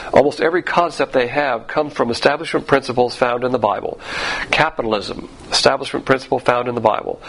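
Gravelly-voiced male preacher. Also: medium pitch, fairly bright tone, low-quality recording. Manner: emphatic preaching with rhetorical questions. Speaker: pastor. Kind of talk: sermon.

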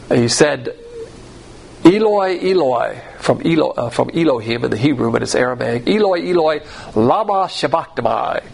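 A man preaching a sermon in an emphatic, blunt way, swinging between loud and hushed delivery. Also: fairly high pitch, gravelly, a little hiss or hum, poor audio.

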